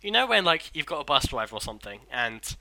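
Sweary young man, bright voice. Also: mid-range voice, big pitch swings, quick pace, creaky, dry recording, rough recording. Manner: rambling, sweary, restarts sentences. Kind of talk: casual chat.

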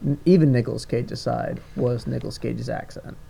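A man's voice: mid-range voice, fairly even intonation, fairly quick, creaky, dark tone, husky. A man co-hosting a casual movie review chat, rambling with stumbling restarts and frequent laughter. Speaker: podcast co-host.

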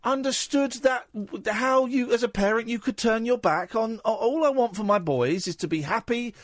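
A man hosting a radio phone-in show, talking in an excitable, jokey, animated way into a studio microphone. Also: very high voice, moderate pace, no room sound. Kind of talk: casual talk radio chat.

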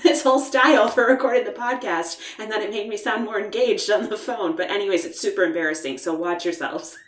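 Animated woman telling a story, echoey room. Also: mid-range voice, brisk, distant mic. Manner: animated, emphatic, laughing. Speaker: podcast co-host, academic. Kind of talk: casual chat, storytelling.

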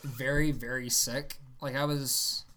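Low-pitched woman with dry quips. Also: steady tone, slow, a bit bright. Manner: dry quips and wry asides. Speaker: podcast guest. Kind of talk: casual chat.

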